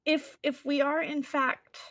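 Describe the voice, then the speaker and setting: A woman speaking as an earnest young adventurer, high-voiced and protective, who pleads steadily with her companions in a tabletop role-play. The voice is high and recorded dry and close. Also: flat delivery, unhurried, a bit bright, no room sound.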